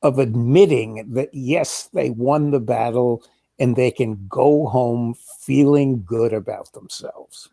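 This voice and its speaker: A man in a casual political chat, talking in a wry, measured, sardonic way. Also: medium pitch, gravelly, dark tone. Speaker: co-host.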